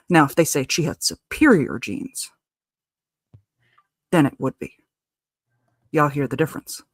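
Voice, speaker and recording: A woman's voice: extremely low pitch, dry recording, clean studio sound. A woman co-hosting a casual live-stream chat, talking bluntly and emphatically as she spells out her point. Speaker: co-host.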